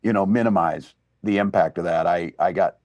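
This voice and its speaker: Excitable older man, very low voice. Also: fairly quick, no echo. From Minnesota. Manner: excitable, storytelling, laughs easily. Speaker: governor and guest. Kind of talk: casual chat.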